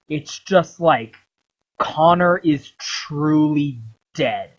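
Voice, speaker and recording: A man retells a game's story in a long, excited ramble, swearing freely. His voice sits a little high. The recording sounds dull and lo-fi. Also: slow. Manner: animated, heavy swearing. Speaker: video creator.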